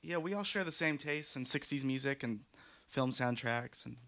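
A man's voice: medium pitch, normal speed, a bit bright. A man, a musician guest in a radio studio, telling things in a dry, matter-of-fact way.

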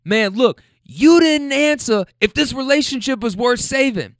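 A man voicing an angry young man yelling at his partner in a raised, heated voice. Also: very high voice, lively intonation, a little slow, no echo, clean studio sound, pitched above the performer's own voice, exaggerated voice.

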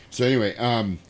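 A man chatting casually as he recaps a movie, his pitch swinging up and down in a lively, animated way. He keeps breaking into exaggerated character voices and laughing at his own jokes. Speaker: podcast co-host recapping a movie. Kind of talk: casual chat.

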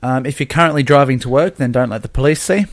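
A man bantering on a podcast, quick to laugh and tease his co-host. His voice sits in a middle pitch. The sound is dry and close, with no room echo. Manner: laughs easily, playful banter. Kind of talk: casual podcast chat.

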